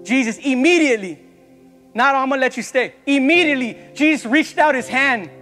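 A man's voice: very high voice, fairly quick, pushed and bright, long reverb tail, soft background music. A young man preaching an impassioned sermon as a youth pastor in a church, repeatedly calling out to the congregation.

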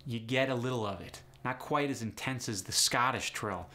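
Cheery guy coaching an accent lesson, bright sharp voice, walks through example words. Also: medium pitch, moderate pace. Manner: upbeat, explanatory, models example words.

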